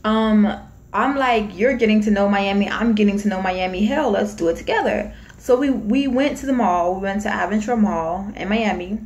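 A young woman from Florida tells a personal story straight to her viewers in an easy, conversational vlog voice. She sits at a mid pitch and slips into quick, lively impressions of what others said. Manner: chatty, animated retelling with acted-out quotes. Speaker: vlogger. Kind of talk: casual storytime.

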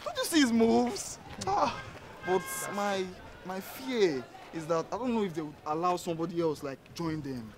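A man's voice: sits high, sing-song, normal speed, music in the background. An actor with a Nigerian accent playing an easygoing young male student who wheedles his friend for help. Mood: wheedling.

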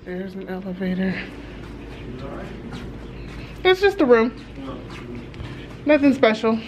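A woman, chatting casually to viewers as a flight attendant vlogger and telling a story with animated asides. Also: a little high, normal speed, a little hiss or hum, low-quality recording. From Texas. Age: 30s. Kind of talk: casual vlog chat. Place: hotel hallway and room. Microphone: handheld compact camera.

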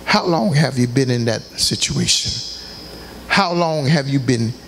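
A man's voice: medium pitch, unhurried, fairly bright tone, a little hiss or hum. A man preaching a passionate sermon in a church, tossing out call-and-response asides to the congregation. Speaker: pastor. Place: church sanctuary.

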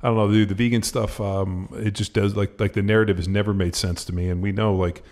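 A man's voice: fairly low pitch, flat delivery, quick pace, darkish tone. A man co-hosting a podcast in loose, rambling casual chat, full of fillers and swearing. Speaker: podcast co-host.

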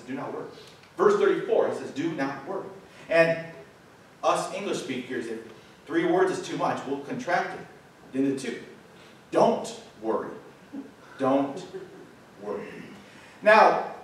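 A man preaching a sermon with emphatic delivery and dramatic slow pauses. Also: on the high side. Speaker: pastor. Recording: echoey distant church sound with faint room noise.

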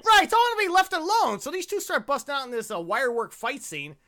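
Fast, lively sarcastic podcast host. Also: male voice, very high-pitched, slight background noise. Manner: sarcastic, profane, riffing. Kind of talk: casual comedic movie commentary.

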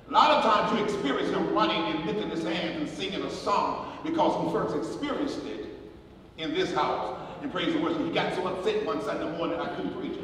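A man, a pastor, preaching a eulogy sermon with animated storytelling and repetitions, recorded from a distance in a church sanctuary before a congregation. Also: sits high, noisy background. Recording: echoey church hall recorded from far off, crowd audible.

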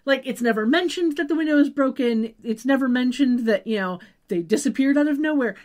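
A woman's voice: high voice, fairly quick, a little mellow. A woman co-hosting a podcast, recapping a TV episode in casual chat with wry asides. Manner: chatty, wry asides, trails off with "just saying". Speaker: podcast co-host.

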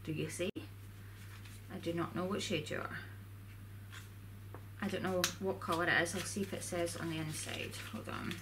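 A woman's voice: lowish voice, fairly even intonation, normal speed, pauses often, background noise. A woman vlogger chatting casually to camera in a rambling way, full of "like"s.

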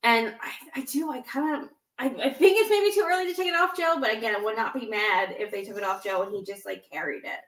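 A woman co-hosts a casual wrestling podcast, rambling, interrupting herself, restarting thoughts, and laughing quickly. Her voice sits on the high side with a fairly bright tone, and she's far from the mic in an echoey room.

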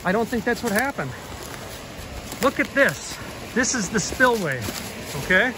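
A man's voice: high voice, very animated, unhurried. A man in his thirties vlogging on foot by a pond, speaking earnestly and dramatically to his viewers on a handheld camera. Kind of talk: casual outdoor vlog walk-and-talk. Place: outdoors by a pond. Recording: outdoor ambient noise.

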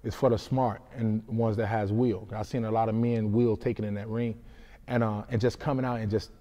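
A man's voice: lowish voice, flat delivery, a little fast, mellow. A young man who fights in MMA, answering interview questions in a loose, rambling way, often adding "you know what I'm saying.". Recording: hall reverb.

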